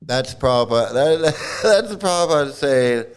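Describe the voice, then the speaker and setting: A man's voice: medium pitch, animated, a little slow, clean tone. A man giving mocking, sarcastic commentary, swearing freely and laughing often. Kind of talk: mocking commentary on an archival recording.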